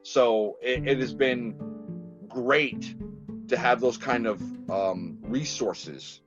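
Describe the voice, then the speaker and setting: A man from Massachusetts chats as a podcast guest, spinning his stories with restarts and quick laughs. His voice sits at an ordinary middle pitch. The audio is dull and lo-fi, with faint music underneath. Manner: animated storyteller, lots of restarts and laughs. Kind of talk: casual interview chat.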